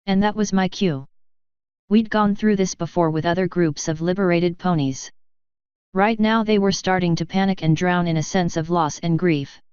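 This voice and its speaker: A woman reading a fan story aloud as steady audiobook narration. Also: lowish voice, smooth, dry recording, dull audio. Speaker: fanfiction reader.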